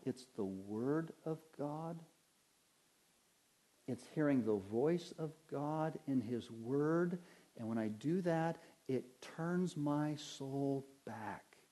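A man preaching a sermon as pastor, rising in emphasis and drawing out key phrases slowly. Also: mid-range voice, mellow. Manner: preaching with swells of emphasis and slow drawn-out phrases.

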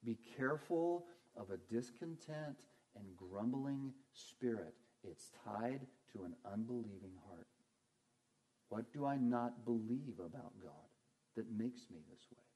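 Pastor guy preaching, mellow warm tone, earnest, keeps asking the crowd questions then answers em. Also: medium pitch, lively intonation, takes it slowly. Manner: earnest, asks and answers his own questions. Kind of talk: sermon.

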